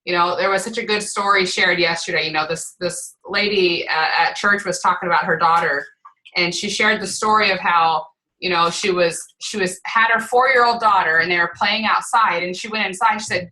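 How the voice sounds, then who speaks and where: A woman leading a team call, coaching in an energetic way, repeating points and often checking in with "right?". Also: mid-range voice, a little fast, low-quality recording. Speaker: team leader on a group call. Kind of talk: motivational coaching talk.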